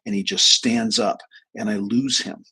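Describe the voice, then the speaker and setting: A man's voice: fairly low pitch, fairly even intonation, unhurried, bright, forceful tone. A man telling a story on a casual live stream, acting out both sides of a conversation and swearing bluntly. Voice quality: gravelly, husky voice. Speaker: therapist and energy healer.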